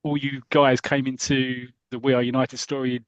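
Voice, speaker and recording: A man's voice: medium pitch, flat delivery, moderate pace, clean tone, no echo, dull audio. A man hosting a podcast in casual chat, hesitant and introducing segments. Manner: hesitant, many fillers and restarts, introducing clips. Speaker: podcast host.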